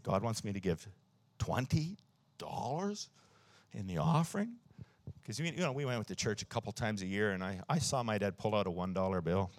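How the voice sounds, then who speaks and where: A man's voice: lowish voice, no room sound. A man around sixty, preaching a sermon in church and telling stories with emphasis, often chuckling at his own jokes. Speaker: pastor.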